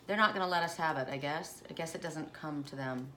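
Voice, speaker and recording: Low-voiced woman doing a card reading. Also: fairly bright tone, a little hiss or hum. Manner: slow, musing, with coughs and asides. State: choked up. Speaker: oracle card reader.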